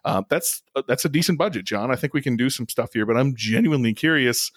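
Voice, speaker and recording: A man's voice: medium pitch, expressive, fast talker, no echo. A man co-hosting a podcast in casual, rambling chat, speaking close to the mic. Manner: rambling, chatty, restarts a lot. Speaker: podcast co-host.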